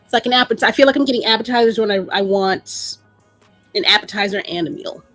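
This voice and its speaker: A woman's voice: mid-range voice, quick pace, a bit bright, no room sound, soft background music. A woman co-hosting a casual comic review podcast, playful and giggly as she gives her critiques. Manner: playful, giggly, food metaphors. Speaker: podcast co-host.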